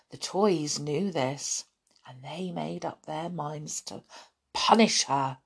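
A woman reading a children's story aloud, expressive and deliberate. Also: deep voice, gravelly, slightly rough. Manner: expressive, lively, slow and deliberate.

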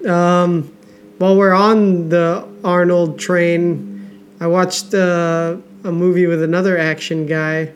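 A man's voice: sits high, level tone, takes it slowly, a little hiss or hum. A man co-hosting a podcast in casual chat, talking loosely and swearing freely. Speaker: podcast co-host.

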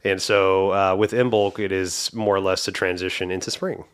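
A man co-hosting a casual conversation, halting with fillers, then musing reflectively. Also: low-pitched, flat delivery, clear, resonant tone. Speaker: co-host.

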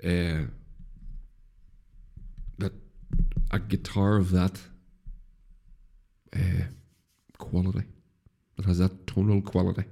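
A middle-aged man from Northern Ireland, with a matching accent, hosts a casual solo podcast in a low, warm, creaky voice. He speaks slowly with a level tone and frequent pauses, rambling with restarts and swearing freely.

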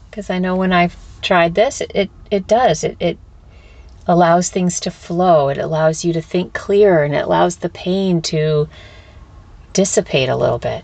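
A woman hosting a spiritual self-help podcast, talking candidly and casually, swearing freely and slipping into high squeaky voices when she quotes people. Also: vocal fry, a little mellow. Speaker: podcast host. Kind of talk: reflective spiritual talk.

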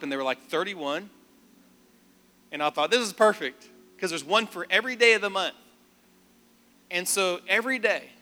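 Bright-voiced preacher man in a hall. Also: fairly high pitch. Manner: animated, rising to emphatic declarations. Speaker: pastor. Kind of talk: sermon. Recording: long hall reverb.

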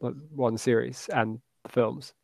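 Halting man answering on a podcast. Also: mid-range voice, steady tone, vocal fry, a loud crowd. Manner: halting, full of fillers and restarts. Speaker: podcast guest. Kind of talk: casual chat.

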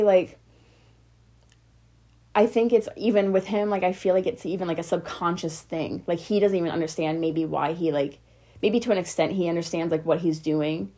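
A young woman speaks straight to her viewers in a personal, emotional vlog. Her voice sits a little low, and she rambles in loose, heartfelt sentences full of likes and okays. She sounds close to tears as she talks. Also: a little mellow. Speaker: vlogger.

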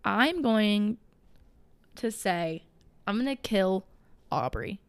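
A young woman talks straight to the camera in a loose, gushing ramble, full of fillers and quick self-corrections. Her voice sits at an ordinary middle pitch for a woman. The sound is dry and close, with no room echo. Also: animated, clean tone. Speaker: vlogger. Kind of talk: casual chat to camera.

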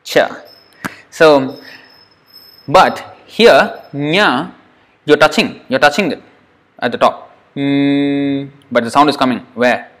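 A man's voice: mid-range voice, a bit bright. Man teaching Sanskrit sounds patiently. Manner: patient, repeats sounds slowly for students. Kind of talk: slide-based online lesson.

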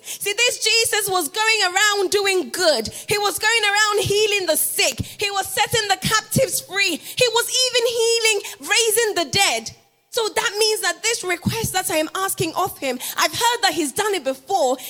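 High, bright-voiced woman preaching a sermon. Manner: dramatic storytelling, acting out the people in the story; preaching with emphatic repetition. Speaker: pastor's wife preaching.

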